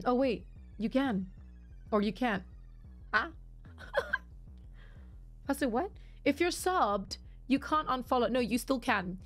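A woman's voice: high voice, animated, takes it slowly, long pauses, faint music behind. A woman livestreamer chatting casually with her viewers, laughing often and reading chat aloud.

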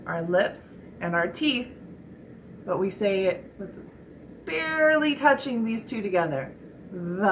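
Slow, gentle woman teaching speech sounds. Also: medium pitch, slight background noise, poor audio. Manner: encouraging, demonstrating sounds slowly for children. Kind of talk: slow, clear children's speech lesson.

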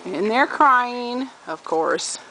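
A woman's voice: fairly high pitch, lively intonation, very slow. A woman filming puppies in a dog run and narrating a home video, switching into sing-song baby talk when she speaks to them. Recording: home video with loud background noise. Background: puppies whining and barking.

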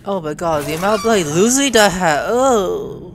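Gravelly excitable gamer guy. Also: high voice, normal speed, noisy background. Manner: excitable, swears and exclaims at the screen. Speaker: gaming YouTuber. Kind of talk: let's play commentary.

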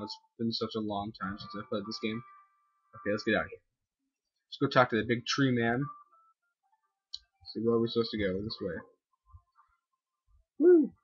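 A man giving let's-play commentary, excitable, whooping and yelling at the game in a husky voice. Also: mid-range voice, highs cut off. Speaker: gamer playing a video game.

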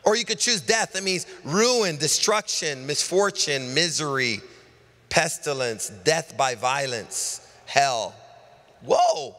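A middle-aged man preaching a sermon as pastor, piling up lists and swinging between loud calls and hushed asides. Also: fairly high pitch, expressive, slow pace. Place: large church hall. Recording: live church sermon with long hall reverb.

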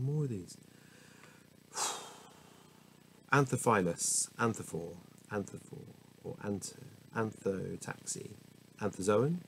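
At home, a man reads dictionary entries aloud in a casual, unscripted way, adding asides, often tripping over hard words, correcting himself, and laughing at his slips. His voice sits on the low side and sounds gravelly. The rough recording comes from a small camera mic and has slight background noise.

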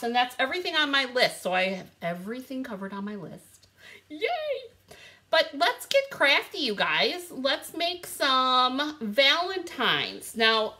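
Bubbly chatty woman with lively pitch. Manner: bubbly, chatty, greets viewers by name; lively rising and falling pitch. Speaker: live stream host showing craft supplies. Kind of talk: casual live stream chat.

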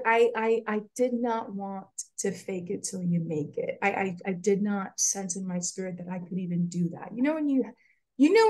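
A middle-aged woman, a mother, talking through her feelings in a halting, emotional way, often repeating words. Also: medium pitch, a little mellow. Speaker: mother sharing her story. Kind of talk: emotional casual chat.

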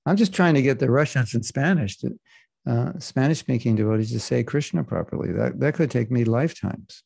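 A man teaching a scripture class in a gravelly, mellow voice. He talks in a loose, joking way and drifts off on side remarks. The sound is dry and close. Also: mid-range voice, fairly quick, no room sound. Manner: casual, joking, digressive. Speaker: spiritual teacher. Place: class in Florida.

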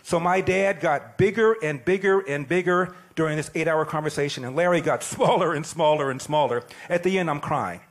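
A man in his sixties giving an animated, plain-spoken storytelling speech. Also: on the high side, normal speed, few pauses. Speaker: speaker at an event.

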